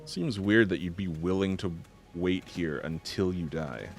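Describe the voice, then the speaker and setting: A man's voice: low-pitched, a little slow, faint music behind. A man hosting a let's-play of a video game, chatting casually and joking sarcastically as he plays. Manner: sarcastic, joking, reads game text aloud. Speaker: host of a gaming show.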